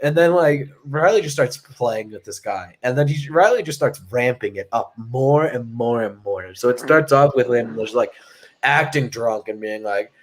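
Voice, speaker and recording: A man's voice: mid-range voice, normal speed. A young man co-hosting a podcast, telling rambling stories to a live chat, swearing and packing his talk with fillers. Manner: rambling, profane, lots of "like" fillers. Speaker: podcast co-host. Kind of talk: casual storytelling to a live chat.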